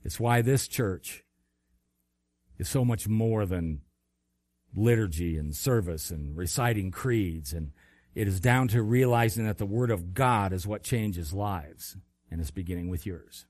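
Man preaching an animated sermon, dry sound. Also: measured pace, no echo. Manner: animated storytelling with swings between loud bursts and quiet low lines. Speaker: pastor.

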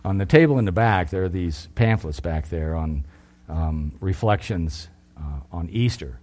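A middle-aged man preaching a sermon, earnest, lifting his voice for emphasis and then dropping low. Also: expressive, measured pace, darkish tone.

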